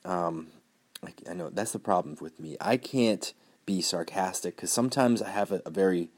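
Male podcaster, somewhat low voice, dry sarcastic delivery that hides the joke, rambles through news with fillers. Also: normal speed. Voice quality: says his tone is neutral and flat. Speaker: podcast host. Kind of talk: solo podcast news commentary.

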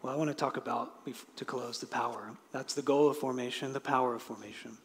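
A male pastor giving a sermon. He swings from loud, emphatic declarations to hushed, near-whispered lines, with conversational asides and light laughs. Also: mid-range voice, fairly even intonation, quick pace, big-room sound.

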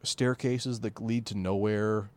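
A man's voice: fairly low pitch, fairly even intonation, slow pace. A man co-hosting a book-club podcast, retelling the story in a rambling, profane, laughing way. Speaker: podcast co-host. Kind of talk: casual book-club chat.

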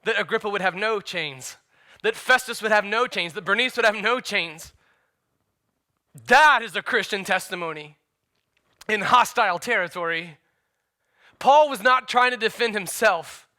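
A man preaching a sermon as pastor, emphatic, swinging between loud declarations and hushed asides. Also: sits high, normal speed, pauses often.

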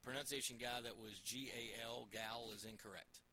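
Guy rambling about football with a bright voice, lots of restarts, faint hiss. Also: medium pitch, steady tone, moderate pace, poor audio. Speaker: co-host, sports broadcaster. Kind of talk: casual sports chat.

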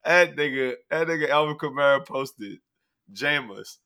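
A man's voice: fairly high pitch, moderate pace, sharp tone. A man co-hosting a podcast, chatting and joking in a laid-back way. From Shreveport, Louisiana. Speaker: podcast co-host. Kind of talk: casual chat.

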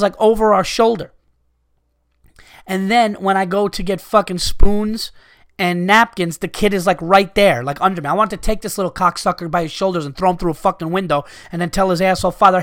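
A man's voice: sits high, brisk, a bit bright, no echo, studio quality. A man hosting a podcast, ranting with profane exasperation to his listeners while recovering from being sick. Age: adult with young children. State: recovering from illness. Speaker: podcast host.

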